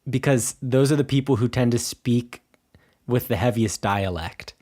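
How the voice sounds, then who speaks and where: A man's voice: medium pitch, moderate pace, warm tone. A young American man co-hosting a podcast, chatting casually with many fillers and restarts. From United States. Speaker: podcast co-host. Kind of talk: casual chat.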